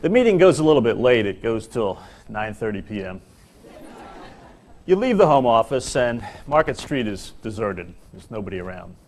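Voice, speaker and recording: Middle-aged man, comic workplace speaker, self-mocking, playful timing. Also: fairly low pitch. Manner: animated, self-mocking storytelling with dramatic pauses. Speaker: corporate speaker at an employee seminar. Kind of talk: comic speech to a live audience. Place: large hall before an audience.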